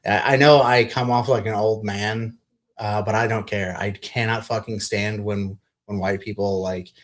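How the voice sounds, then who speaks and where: A man co-hosting a podcast in casual chat, blunt and profane, getting animated when he rants. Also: lowish voice, normal speed. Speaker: podcast co-host.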